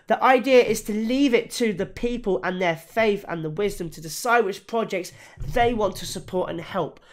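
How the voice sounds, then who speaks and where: A YouTuber talking casually through a crypto project review, with many fillers, restarts and self-corrections, and bouts of hiccups. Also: male voice, high-pitched. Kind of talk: casual spoken review to camera.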